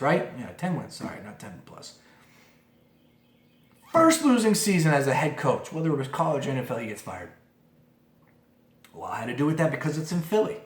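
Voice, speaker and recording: A man's voice: fairly high pitch, big pitch swings, moderate pace, long pauses. A man hosting a casual podcast, giving his opinions in a fired-up monologue with lots of restarts and asides. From moved to Philadelphia as an adult. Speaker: podcast host. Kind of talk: casual sports talk monologue. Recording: roomy echo.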